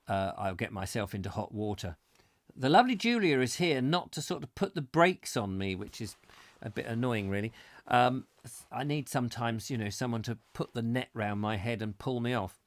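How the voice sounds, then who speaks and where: A man's voice: fairly low pitch, dry recording. A middle-aged man hosting a live comic chat show, reading out viewer comments with playful, rambling jokey asides.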